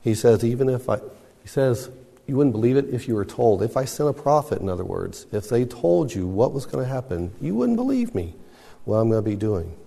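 A man's voice: medium pitch, a little fast, creaky, dark tone. A man teaching a Bible class in a conversational, emphatic way, putting questions to the class. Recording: long hall reverb.

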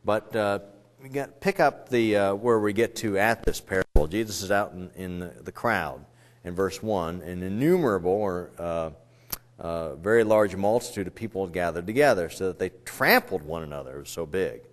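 A man's voice: low-pitched, normal speed. A male pastor preaching a sermon in a conversational way, full of rambling asides, little jokes and restarts.

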